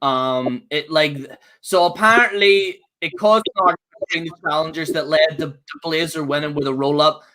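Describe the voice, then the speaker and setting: A man co-hosting a casual podcast, ranting in an animated, mocking way. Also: on the high side, normal speed, hardly any pauses, low-quality recording. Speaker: podcast co-host. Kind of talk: heated casual rant.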